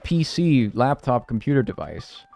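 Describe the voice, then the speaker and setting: A man's voice: mid-range voice, very animated, a little slow, vocal fry, darkish tone. A young man live-streaming, reading viewer messages and answering them in casual, joking banter with bursts of mock outrage.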